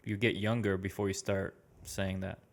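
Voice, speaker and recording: A man in his thirties hosts a casual podcast chat. He speaks in a low, gravelly voice with a laid-back, encouraging manner. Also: level tone, moderate pace, slight background noise. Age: 30s. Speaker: podcast host.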